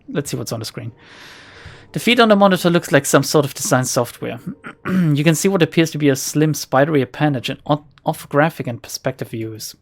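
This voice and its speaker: A woman let's play streamer with a deep, gravelly voice gives casual, jokey commentary on a video game she's playing, speaking fairly quickly with lively intonation. She reads the narration, mocks herself, and laughs often.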